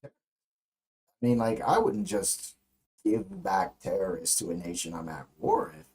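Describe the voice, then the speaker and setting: A man's voice: deep voice, big pitch swings, measured pace, darkish tone, low-quality recording. A young man hosting a livestream and giving blunt, profane commentary on a press conference. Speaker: livestream politics host. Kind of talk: casual live commentary.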